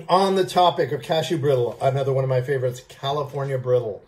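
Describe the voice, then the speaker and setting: A food vlog host giving a casual, gushing candy tasting review, with halting "um"s between lines. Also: mid-range voice, darkish tone. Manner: gushing, repeats "I love", halting fillers.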